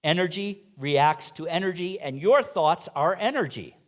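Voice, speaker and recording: A man's voice: a little high, expressive, normal speed. A man preaching a sermon in a church, asking the congregation rhetorical questions and making playful asides to them. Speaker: minister. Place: church sanctuary.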